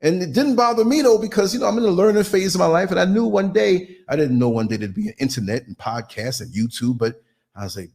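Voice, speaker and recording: A man spins a story on his live podcast show. His voice sits a bit high and swings widely in pitch, theatrical and full of acted-out sounds. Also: expressive, fast, vocal fry, a little mellow. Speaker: podcast host.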